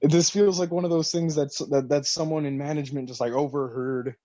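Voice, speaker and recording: Excitable, foul-mouthed man on a podcast. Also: a little high, brisk, dry recording, muffled recording. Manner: swearing, excitable, laughs often. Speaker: podcast co-host. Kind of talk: casual wrestling chat.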